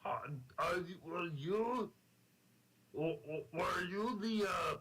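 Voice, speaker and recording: A man's voice: sits high, takes it slowly. Brief: young guy hosting a game stream, loose and profane, faint hiss behind. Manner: rambling, filler-heavy, swearing. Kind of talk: casual chat on a game stream.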